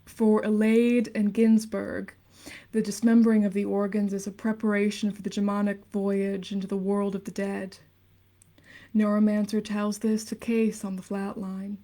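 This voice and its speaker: Twenties woman reading theory on a late stream, soft earnest tone, mellow and kinda flat, hushed little asides. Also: mid-range voice, normal speed. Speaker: livestreamer reading aloud.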